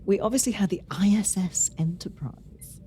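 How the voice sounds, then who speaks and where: A woman's voice: medium pitch, normal speed, music in the background. A woman co-hosting a podcast in casual chat, talking in a chatty, rambling way with lots of "like.". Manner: chatty, rambling, with many likes. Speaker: podcast co-host.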